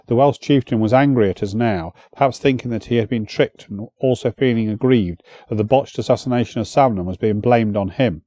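Man narrating an audiobook, dark tone. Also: medium pitch, dry recording, highs cut off. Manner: steady, measured storytelling.

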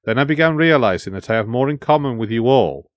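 Calm reflective companion, man reading, earnest, even storybook delivery, dry sound. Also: medium pitch, quick pace, no room sound, close to an everyday voice. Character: thoughtful male Welsh companion, calm and earnest.

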